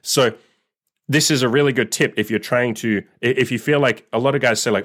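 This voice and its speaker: A man's voice: medium pitch, fairly even intonation, fairly quick, fairly bright tone. A young man giving blunt, casual dating advice in a solo monologue, swearing freely and acting out what others would say. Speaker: dating coach.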